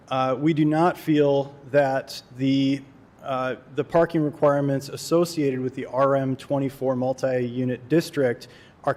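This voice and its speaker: A man's voice: mid-range voice, a little mellow. Male developer addressing a board, formal and plain, some fillers. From Kalamazoo, Michigan. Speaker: developer applicant. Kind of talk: public hearing testimony.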